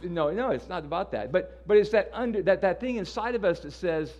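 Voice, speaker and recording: Man, pastor, sermon, chatty, restarts phrases, higher-pitched voice. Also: lively intonation, fairly quick, hardly any pauses, a little mellow. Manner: conversational, repeats words when restarting.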